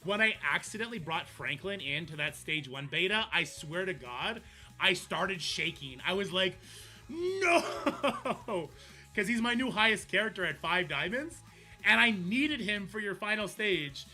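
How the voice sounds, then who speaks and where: A man's voice: high voice, animated, normal speed, pushed and bright, faint music behind. A man, chatting casually and rambling goofily on a game livestream. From Canada. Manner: goofy and rambling, laughs easily. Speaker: mobile game streamer.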